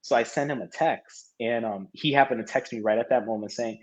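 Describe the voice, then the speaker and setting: A man's voice: fairly low pitch, fast talker, hardly any pauses. A man in his thirties, a podcast guest, telling stories in a casual interview, laughing often and acting out what people said. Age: 30s. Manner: animated storyteller who laughs often and acts out quoted lines. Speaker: podcast guest, martial arts competitor. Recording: dull lo-fi audio.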